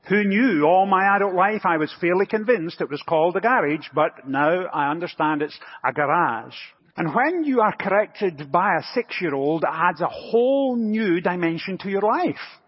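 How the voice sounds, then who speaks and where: Pastor, male, a touch high in pitch, husky, in a dull recording with a long church echo. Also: lively intonation, normal speed. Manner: anecdotal, gently humorous storytelling. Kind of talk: sermon.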